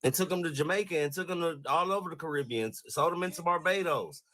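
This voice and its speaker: A man in a casual group chat, speaking loudly and arguing his point with emphasis. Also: on the high side, fast. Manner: loud, argumentative, emphatic.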